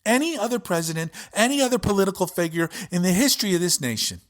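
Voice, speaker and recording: A man's voice: high-pitched, animated, quick pace. A male podcast host giving an impassioned, profane political rant with heavy emphasis.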